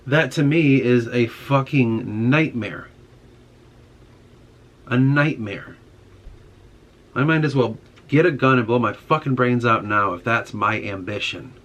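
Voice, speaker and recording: A man's voice: lowish voice, a bit bright, husky. A young man in a casual monologue, ranting with frustration and heavy swearing. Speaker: podcast host.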